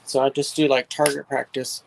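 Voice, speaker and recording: A man from California casually telling stories about his neighbors, animated and mimicking them in high voices, talking outdoors into a phone. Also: moderate pace, creaky, background noise. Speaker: livestream guest. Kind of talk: casual storytelling chat.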